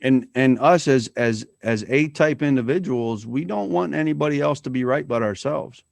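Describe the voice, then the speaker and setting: A man's voice: medium pitch, moderate pace, vocal fry, a little mellow, no echo. Middle-aged man, podcast guest, blunt, earnest, swears freely, dry close sound. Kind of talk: candid conversation.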